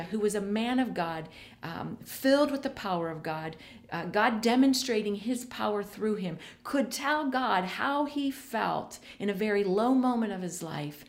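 A woman preaching a sermon, speaking directly to her listeners in an earnest way and repeating phrases for emphasis. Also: medium pitch.

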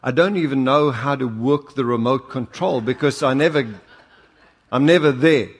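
Older South African male preacher, mid-pitched voice, anecdotal and punchy, echoing hall. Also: normal speed. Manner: storytelling with humor, rising to emphatic exhortation. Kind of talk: sermon. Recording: long hall reverb.

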